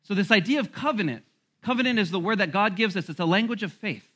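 Bright, high-voiced male pastor preaching. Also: fast talker. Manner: animated preaching with laughs and asides. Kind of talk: sermon.

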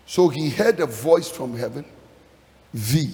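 A man preaching a sermon with emphatic delivery, swinging from hushed lines to shouted peaks and a chanting, sing-song cadence. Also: on the high side, lively intonation, measured pace. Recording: long hall reverb.

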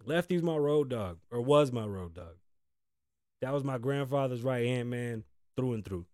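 A man's voice: mid-range voice, lively intonation, moderate pace, a little mellow, no room sound, clean studio sound. A man hosting his own talk show, telling stories in a loose, profane, laughing way. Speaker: podcast host. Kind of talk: casual storytelling monologue.

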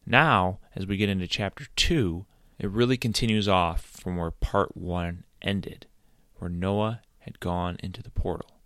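A man with a very deep voice calmly introduces the next chapter of a story. The sound is dry, with a keyboard clicking faintly nearby. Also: measured pace, no echo.

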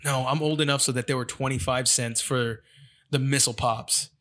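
Bright-voiced man telling profane stories. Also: medium pitch, fairly even intonation, normal speed. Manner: profane, rambling storyteller. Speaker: father of two young boys. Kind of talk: casual chat.

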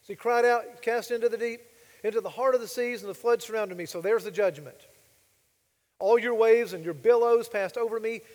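A male pastor with a high-sitting voice preaches emphatically, firing rhetorical questions at the congregation. The recording has a long reverb tail.

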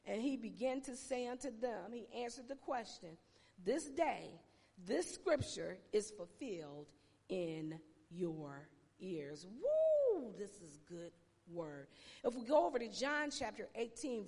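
A woman pastor preaches slowly and deliberately, leaning on long pauses and sudden exclamations. Her voice is gravelly and sounds tired, a little high for a woman. It rings out in a reverberant hall. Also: animated, a little mellow. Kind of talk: sermon.

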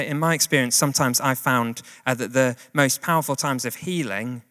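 A man's voice: mid-range voice, fairly bright tone. A man preaching a sermon in a conversational, plain-spoken way with casual asides. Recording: long hall reverb.

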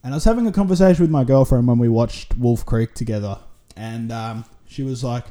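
A man's voice: medium pitch, a little fast, dark tone. A man with an Australian accent hosting a solo podcast, rambling through a casual, sweary monologue full of tangents. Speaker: podcast host.

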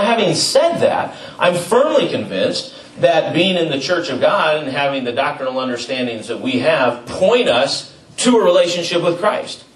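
Middle-aged pastor preaching in a roomy hall. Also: male voice, a little high. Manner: conversational, storytelling with asides and fillers. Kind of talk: sermon. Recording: roomy, distant mic with faint ambience.

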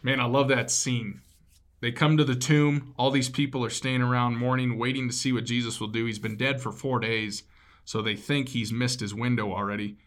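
A man's voice: mid-range voice, steady tone, normal speed, fairly bright tone. A man preaching a sermon as a pastor, in a casual, conversational way with asides to his listeners.

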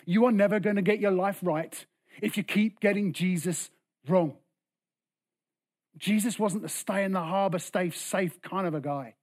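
Impassioned high-voiced male preacher. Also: moderate pace. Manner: impassioned preaching, swings from loud bursts to hushed lines. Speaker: pastor. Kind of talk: sermon.

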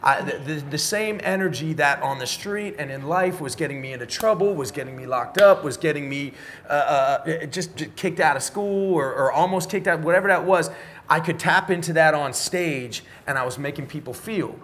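Forceful, animated middle-aged man telling stories. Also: a little high, moderate pace, a little hiss or hum. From United States. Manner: animated, profane, street-style slang. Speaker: podcast guest. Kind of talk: casual storytelling interview.

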